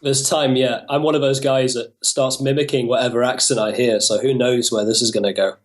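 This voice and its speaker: A man's voice: mid-range voice, fairly even intonation, a little fast. Upbeat young British man. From northern England. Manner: upbeat, laughs easily. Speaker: guest, youth worker. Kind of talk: casual podcast interview.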